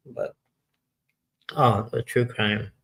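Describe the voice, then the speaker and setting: A gravelly, fairly low-pitched man in his sixties, hosting a casual live chat. He speaks in a flat, even tone and rambles, often losing his train of thought. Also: drawn-out words, low-quality recording. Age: 60s. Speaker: livestream host.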